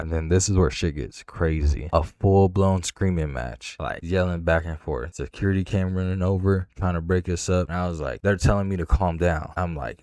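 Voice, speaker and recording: A young man telling a heated, profane personal story in an animated voice. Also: deep voice, normal speed, few pauses, dry recording, studio quality. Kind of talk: storytime narration over gameplay.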